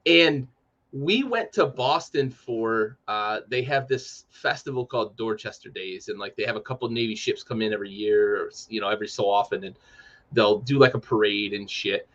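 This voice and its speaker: A man talks in a loose, casual sports chat, laughing often and swearing freely as he spins a story. His voice sits at an ordinary pitch. The audio is a little dull and lo-fi. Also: normal speed, a bit bright. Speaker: podcast co-host.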